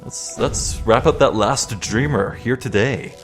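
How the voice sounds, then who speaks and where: A young man chats his way through a video game, thinking aloud and joking at his own slips. He talks at an easy, unhurried pace, his pitch in the ordinary middle range. Soft game music sits faintly under him. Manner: chatty, self-deprecating, thinks aloud. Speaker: let's play host. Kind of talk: casual gameplay commentary.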